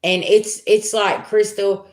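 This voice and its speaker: A woman's voice: medium pitch, flat delivery, takes it slowly. A woman giving a live spiritual reading as a psychic, talking in a blunt, emphatic, slangy way. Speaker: psychic reader. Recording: roomy echo.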